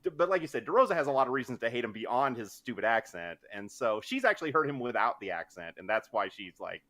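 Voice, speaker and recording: Fast, animated man from Idaho. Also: mid-range voice. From Idaho, USA. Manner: rambling, self-interrupting, laughs easily. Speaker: guest author. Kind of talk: casual podcast interview.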